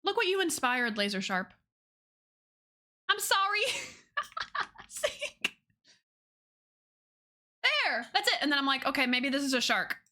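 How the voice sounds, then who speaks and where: A woman's voice: sits high, sing-song, slow pace, long pauses, sharp tone. A woman streamer chatting casually with her viewers, bubbly and giggly. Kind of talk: casual chat with viewers while drawing.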